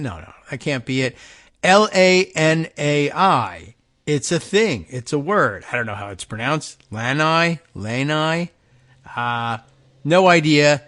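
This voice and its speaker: A radio show host speaks in a bright, forceful man's voice at medium pitch. He thinks aloud through a casual, rambling talk-show monologue, wry and self-mocking as he drifts off topic.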